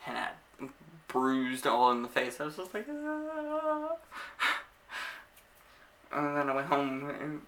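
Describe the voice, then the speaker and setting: A man's voice: mid-range voice, fairly even intonation, normal speed, bright, forceful tone. A young man vlogging a casual storytime to camera, laughing often and acting out the scenes as he tells them.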